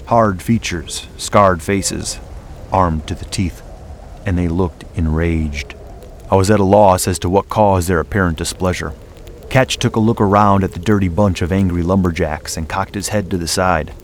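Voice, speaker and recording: Low-voiced man narrating a dramatic story. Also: fairly even intonation, a little hiss or hum. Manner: measured and dramatic. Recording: music playing underneath. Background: music.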